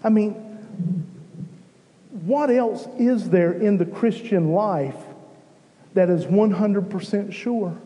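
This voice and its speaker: A man preaching a sermon to his church, slow and emphatic, rising in intensity at key moments. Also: high voice, mellow, big-room sound, low-quality recording. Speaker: pastor.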